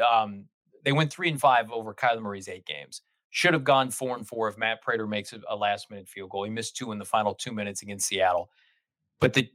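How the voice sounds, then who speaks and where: A man in casual sports podcast chat, talking in long animated run-on stretches as a guest host. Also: mid-range voice, no room sound.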